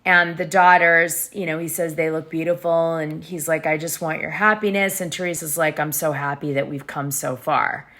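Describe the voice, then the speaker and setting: A woman's voice: low voice, fairly even intonation, moderate pace, few pauses, a bit bright. A woman hosting a gossip show, recapping reality TV episodes in a chatty, conspiratorial way.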